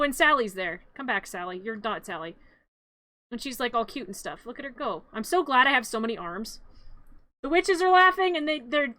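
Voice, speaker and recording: A woman streaming live, narrating scenes in a rambling, jokey way with lots of restarts. Her voice is high and bright. The sound is close and dry. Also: no echo.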